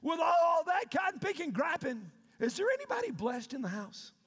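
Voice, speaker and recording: A man preaching a sermon, shouting and calling out questions to his congregation. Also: very high voice, very animated, normal speed. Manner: preaching with loud shouted call-and-response. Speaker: pastor. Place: church sanctuary. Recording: long reverb of a large hall.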